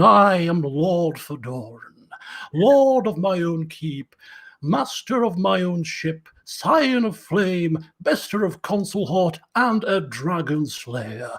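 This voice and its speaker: A man's voice: sits high, voice pushed up, heavily acted. A man voicing an eccentric, flamboyant male wizard lord who boasts grandly and draws out his words.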